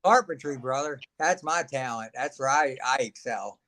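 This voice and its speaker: A man's voice: medium pitch, expressive, normal speed, pushed and bright. A man, a guest telling stories in a folksy, laughing way. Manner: folksy, laughs often, acts out quotes. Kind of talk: casual storytelling chat.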